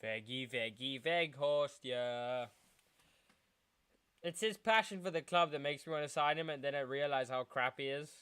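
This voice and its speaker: Excitable young fan, clear voice. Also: male voice, mid-range voice, normal speed. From South Africa. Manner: excitable fan, shouting at big moments, chanting. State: tired, yawning. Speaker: watchalong streamer. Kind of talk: live football watchalong commentary.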